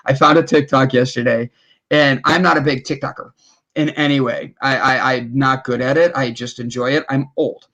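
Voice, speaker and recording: A middle-aged man chatting casually as a podcast guest, animated and prone to acting out quotes in voices. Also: medium pitch, normal speed, highs cut off. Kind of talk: casual chat.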